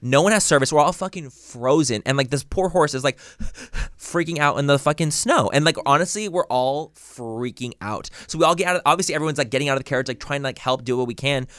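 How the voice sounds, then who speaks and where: A man's voice: a little high, animated, fairly quick, hardly any pauses, fairly bright tone, dry recording, studio quality. A young man co-hosting a podcast, telling a story in a rambling way with lots of fillers and swearing. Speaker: podcast co-host. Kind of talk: casual chat.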